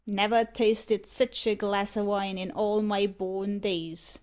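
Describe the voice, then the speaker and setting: A woman's voice: mid-range voice, level tone, takes it slowly, close to an everyday voice. A jolly, unbothered rascal who helps himself to food and wine, put on by a woman. The storybook recording sounds muffled and lo-fi. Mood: jovial. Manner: breezy dialect speech. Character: jolly greedy male dog-thief rogue.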